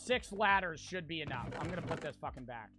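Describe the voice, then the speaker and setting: A young man with an American accent, streaming a game live and talking to his chat, profane and quick to get frustrated. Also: on the high side, animated, over music. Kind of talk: casual livestream gameplay chat.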